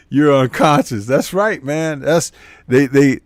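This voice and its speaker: Male host for a loose post-fight boxing chat: mid-pitched, rambling, amused, recorded dry and close. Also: unhurried, dry recording. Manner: rambling, chuckles at his own jokes. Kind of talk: casual post-fight commentary, reading live chat.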